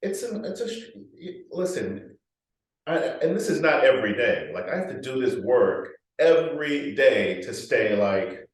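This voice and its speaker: A male actor being interviewed, telling frank, animated stories and swearing freely. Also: mid-range voice, unhurried. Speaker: actor guest. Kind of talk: candid interview storytelling. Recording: echoey room, mic far off.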